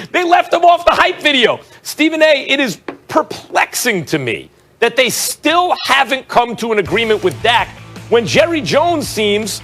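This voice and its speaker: Man, sports panelist, bright tone, animated, acts out quotes. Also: very high voice, a little slow, faint music behind. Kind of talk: sports debate commentary.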